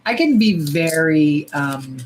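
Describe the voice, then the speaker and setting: A middle-aged woman hosting a casual livestream. She talks bluntly with plenty of swearing and sometimes breaks into loud squeals. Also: deep voice, slow, slight background noise, low-quality recording. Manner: blunt, profane and animated, jumping to loud squeals. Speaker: nail polish livestream host. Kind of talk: casual livestream chat while swatching.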